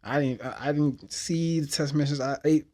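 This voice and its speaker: A man's voice: a little high, normal speed, warm tone. Heartfelt hesitant man telling a sad story. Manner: heartfelt and hesitant, reflective about grief. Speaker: podcast host. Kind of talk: personal storytelling podcast.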